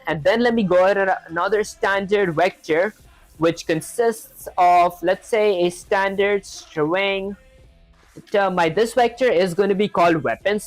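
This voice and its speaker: A woman's voice: fairly low pitch, darkish tone, dry recording, rough recording. A woman streaming herself learning to code, talking through each step in a chatty way and answering viewers' comments, with a non-standard English accent. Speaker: programming streamer. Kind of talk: live coding stream, thinking aloud.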